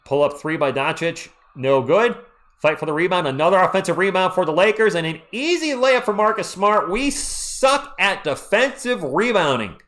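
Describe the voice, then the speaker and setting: Hoarse excitable man calling the game. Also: sits high, brisk. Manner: excitable, ranting about referee calls. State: losing his voice. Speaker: live stream host. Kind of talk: fan play-by-play commentary.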